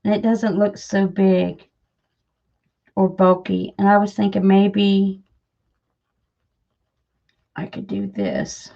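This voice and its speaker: A woman's voice: medium pitch, animated, takes it slowly, vocal fry, pauses often, mellow, lo-fi sound. A woman chatting casually and self-deprecatingly to her viewers while she crafts, with lots of fillers. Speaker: crafting channel host.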